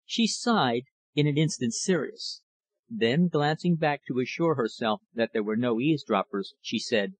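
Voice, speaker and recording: A man reading a novel aloud as an audiobook narrator, measured and steady. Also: medium pitch, poor audio. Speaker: audiobook reader. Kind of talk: scripted narration.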